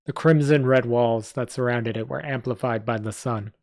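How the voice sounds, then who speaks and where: On a live stream, a man reads a story aloud at a plain, normal pace, correcting small slips along the way. His voice is mid-range and slightly mellow, and the sound is close and dry with no room tone.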